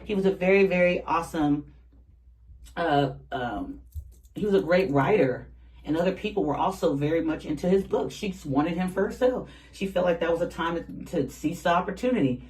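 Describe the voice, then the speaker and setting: A tarot reader giving a casual, animated reading straight to the viewers, talking in loose slang and laughing often. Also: medium pitch, normal speed, poor audio.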